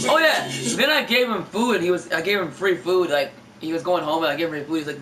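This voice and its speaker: Over loud music, this male streamer talks fast in a high voice, barely pausing as he chats casually during gameplay. His stories wander and trip over themselves with frequent restarts, and the distant mic catches noise around him.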